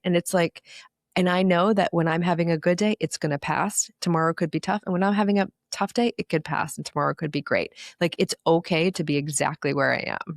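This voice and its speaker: A woman's voice: sits low, no echo, clean studio sound. A middle-aged woman speaking as a podcast guest, earnest and reflective, talking candidly with plenty of fillers. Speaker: podcast guest, recovery coach. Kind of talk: candid conversational interview.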